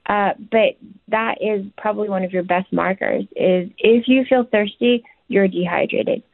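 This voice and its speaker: A woman guest offering relaxed, chatty health advice over a tinny phone line, her voice gravelly with fry. The sound is dry and narrow. She fills her talk with "you know" and "um". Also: mid-range voice, moderate pace, no echo. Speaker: nutritionist and chef guest. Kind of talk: casual advice in a radio interview.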